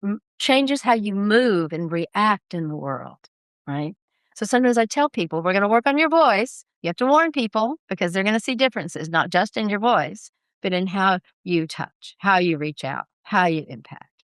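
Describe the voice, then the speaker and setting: Woman voice coach, emphatic and expressive, dry close recording, mid pitch. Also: moderate pace, dry recording. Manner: expressive, emphatic teaching delivery. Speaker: voice coach guest. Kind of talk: podcast interview.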